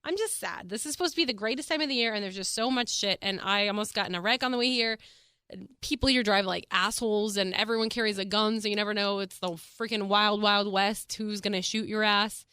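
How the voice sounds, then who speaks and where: A young adult woman from Texas hosts her own solo podcast, chatting casually and animatedly, swearing freely and saying "like" constantly. Her mid-range voice is a little fast, sharp and clean, captured in a dry, studio-quality recording.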